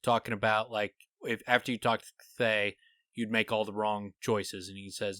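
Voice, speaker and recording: A man co-hosting a podcast, animatedly thinking out loud as he retells and theorizes about scenes from a book. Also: on the low side, flat delivery, normal speed, no room sound. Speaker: podcast co-host. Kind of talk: casual podcast discussion.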